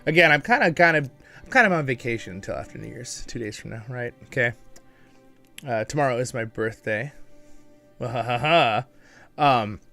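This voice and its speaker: A man's voice: mid-range voice, animated, normal speed, gravelly, long pauses, sharp tone. Man, livestream host, casual chat, a bit of a morning voice, faint music behind. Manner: chatty, greets viewers by name, laughs often.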